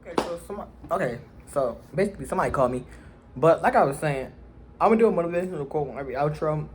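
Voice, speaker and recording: Young guy doing a storytime vlog on his phone, super expressive pitch, slangy. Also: rapid-fire, a little hiss or hum. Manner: animated, slangy, acts out quotes. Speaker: vlogger.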